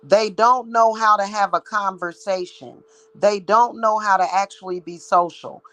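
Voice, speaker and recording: A woman speaking at a middle pitch in a heated, profane rant. She is blunt and worked up, talking straight to her viewers as a psychic reader. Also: fairly even intonation, a little slow, a bit bright, poor audio. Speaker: psychic reader and spiritual practitioner. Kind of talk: ranting vlog monologue.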